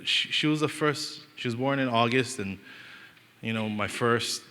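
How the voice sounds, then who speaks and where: Bright-voiced pastor with a Hawaiian Pidgin lilt. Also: male voice, medium pitch, a little slow. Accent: Hawaiian Pidgin-inflected English. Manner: animated, joking, acts out quoted voices. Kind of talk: storytelling sermon. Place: church hall. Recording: long reverb of a church hall.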